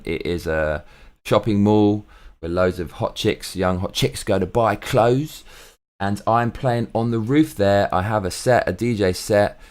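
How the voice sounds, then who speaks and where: A man hosting his own vlog, talking in a rambling, excitable way, jumping between thoughts and swearing casually. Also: on the low side. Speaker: vlog host. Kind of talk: casual monologue. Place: home recording in Tokyo.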